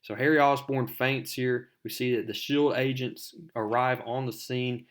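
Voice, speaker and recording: A man's voice: medium pitch, steady tone, unhurried. A man hosting a casual comic book recap, talking in a loose, rambling way. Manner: loose, rambling, many "I mean" fillers. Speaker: comic book video host.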